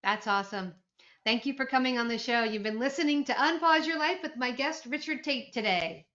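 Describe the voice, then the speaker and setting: Lady hosting a podcast, kinda high voice, upbeat, dull audio. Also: a little fast, sharp tone. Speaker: podcast host. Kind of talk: casual interview chat. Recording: dull lo-fi sound.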